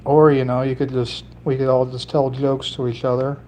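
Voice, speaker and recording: A man's voice: mid-range voice, little pitch movement, moderate pace, warm tone. Guy rambling to his stream chat while he works, cracks dumb jokes, faint car noise in the back. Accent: slight put-on Italian lilt. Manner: rambling, jokey, talking to chat while working. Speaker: livestreamer building fishing lures. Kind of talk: casual solo livestream chat.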